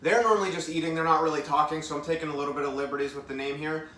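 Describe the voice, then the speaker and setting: Casting: upbeat male streamer, thirties, bright forceful voice, a little off-mic in an echoey room. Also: on the high side, fairly even intonation, very fast, recorded from a distance, a little hiss or hum. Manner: chatty, upbeat, talks with mouth full, reads comments aloud. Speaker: vlogger hosting a live eating show. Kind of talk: casual live-stream chat.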